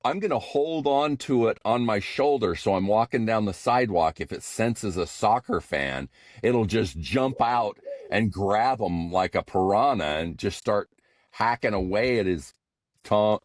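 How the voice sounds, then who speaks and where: An older man with a lowish voice trading playful jokes as a podcast co-host. His delivery is animated and full of pitch swings, and the recording is dry and close. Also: dry recording. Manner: jokey, playful banter with quick laughs. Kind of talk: casual comedic chat.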